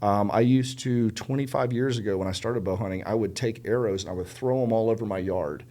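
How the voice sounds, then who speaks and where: A middle-aged man from South Carolina, a podcast guest telling stories in casual conversation, animated and emphatic, acting out the people he quotes. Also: on the low side, fairly quick. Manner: animated, acts out quoted dialogue; emphatic, repeats words for stress.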